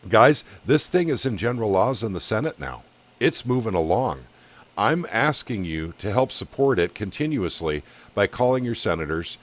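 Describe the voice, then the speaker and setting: A middle-aged man hosting a podcast, giving an impassioned, folksy political monologue that rallies his listeners. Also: lowish voice. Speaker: podcast host. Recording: dull lo-fi audio.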